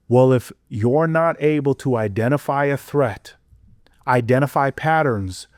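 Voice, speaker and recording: A man of ordinary middle pitch holds forth in a preachy podcast monologue, piling up rhetorical questions. His voice drops to a low mutter at times and then jumps up to loud, excited exclamations. The sound is dry and close, with no room around it. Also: no echo. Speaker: podcast guest. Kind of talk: intense conversational monologue.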